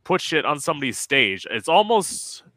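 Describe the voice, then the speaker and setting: Bright-voiced male interview host. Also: fairly high pitch, moderate pace, no echo. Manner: relaxed, agreeable, swears casually. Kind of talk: casual interview chat.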